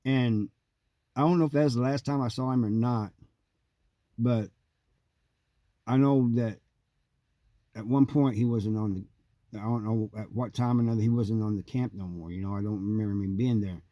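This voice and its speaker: A man host telling a long personal story in a casual, rambling way, with frequent pauses and fillers. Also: mid-range voice, mellow, no room sound. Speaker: host telling prison stories.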